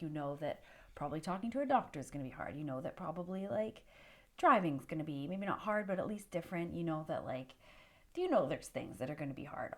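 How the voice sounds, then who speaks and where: A young woman from Canada talks casually to her camera in a vlog, piling on fillers and poking fun at herself. Her voice sits a little low for a woman. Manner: chatty, self-deprecating, lots of fillers. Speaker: vlogger.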